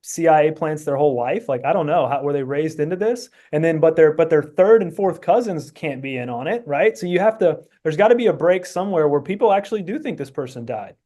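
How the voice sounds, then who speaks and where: A man's voice: a little high, expressive, brisk, hardly any pauses, warm tone. A man as a podcast guest in casual chat, reasoning earnestly and rambling with fillers.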